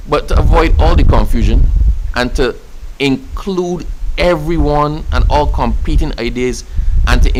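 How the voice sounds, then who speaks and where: A man from Barbados with a Barbadian accent, answering an interviewer in a passionate, emphatic way and repeating phrases for effect. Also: mid-range voice. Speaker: official speaking about national celebrations.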